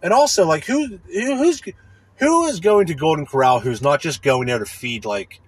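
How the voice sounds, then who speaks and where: A man's voice: a little high, expressive, normal speed, husky. A man hosting a podcast, ranting in a profane, rambling way, often asking "you know what I mean.". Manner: profane, rambling, irritated complaining. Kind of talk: casual rant.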